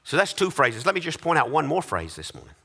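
Male pastor mid-sermon, high voice, dramatic pauses and rising cadence. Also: big pitch swings, vocal fry, sharp tone, breathy edge.

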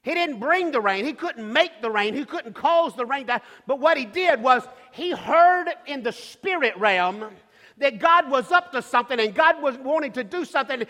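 A male preacher delivering a sermon, emphatic and repetitive, building to shouts, in a church with long reverb. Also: very high-pitched, expressive, moderate pace.

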